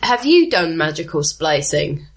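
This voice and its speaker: A woman's voice: sits low, very animated, measured pace. A woman playing a tabletop game, with dry, playful banter and frequent laughter. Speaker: player.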